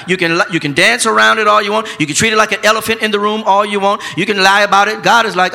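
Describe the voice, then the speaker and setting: A male pastor, preaching a sermon that swings from quiet, close talk to shouting. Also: sits high, fast talker, creaky, few pauses, in a large hall.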